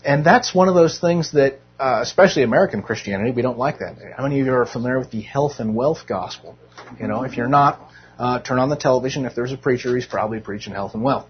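Husky-voiced man teaching a sermon. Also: mid-range voice, normal speed, highs cut off. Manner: conversational, earnest, self-deprecating humor. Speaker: Bible teacher. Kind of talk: informal sermon.

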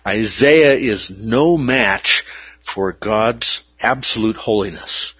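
A man's voice: on the low side, animated, slow pace, husky, no echo, dull audio. A man preaching a sermon, emphatic and repeating key words for weight.

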